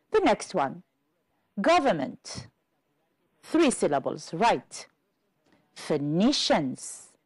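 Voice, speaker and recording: A woman from Algeria teaching an English exam-prep lesson on television, explaining carefully and slowly. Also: medium pitch, darkish tone, no room sound, rough recording. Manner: slow, careful classroom explanation.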